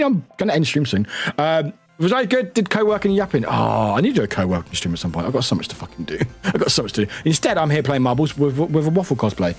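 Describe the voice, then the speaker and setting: A man streaming live, chatting casually and greeting viewers in a chaotic, giggly, self-mocking way, swearing casually. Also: fairly high pitch.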